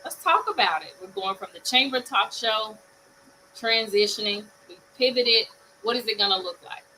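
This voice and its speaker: A woman's voice: on the high side, lively intonation, moderate pace, pushed and bright, slight background noise, rough recording. A woman hosting a casual talk show chat over a video call, upbeat and laughing often.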